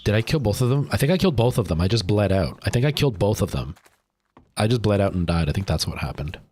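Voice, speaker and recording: A man's voice: lowish voice, expressive, quick pace. A young man streaming a game live, chatting with his viewers and yelping in panic when attacked. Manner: chatty, jumps to loud panicked yelps in fights. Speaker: livestreaming gamer.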